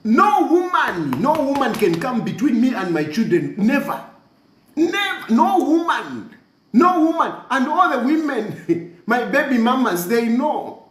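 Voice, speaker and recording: Mocking Zambian man, high and echoey. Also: big pitch swings, measured pace, a bit bright. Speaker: commentator. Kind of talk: impassioned social media rant.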